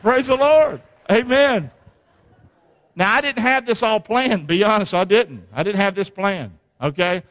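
A man preaching a sermon with call-and-response, animated, swinging from shouting to low, quiet talk. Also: unhurried. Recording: long hall reverb.

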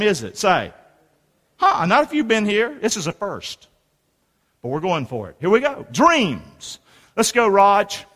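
High-voiced animated preacher in a reverberant hall. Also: male voice. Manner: lively call-and-response preaching, rhetorical questions. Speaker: pastor. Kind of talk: sermon. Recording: long reverb of a large hall.

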